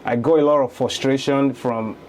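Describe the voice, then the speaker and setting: A man's voice: medium pitch, steady tone, moderate pace, darkish tone, a little hiss or hum. A man in his thirties from Lagos with a Nigerian accent, a guest telling his story in a casual interview and laughing easily. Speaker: guest, real estate investor.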